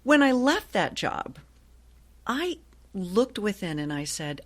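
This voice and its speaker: A woman in her sixties from Ohio, a guest telling stories in a chatty, lively way with frequent laughs. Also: mid-range voice, slow. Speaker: guest, actress and voiceover artist. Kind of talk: casual interview storytelling.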